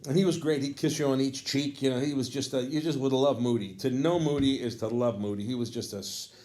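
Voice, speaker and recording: A man's voice: medium pitch, fairly even intonation, brisk, a little mellow. A man and jazz educator telling a casual, rambling story, losing his thread and picking it back up with fond asides.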